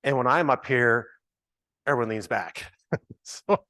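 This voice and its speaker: A man's voice: medium pitch, unhurried, long pauses, pushed and bright, dry recording. A man leading an informal training workshop, chatty and joking, thinking aloud as he works with the audience. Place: large ballroom with a live audience.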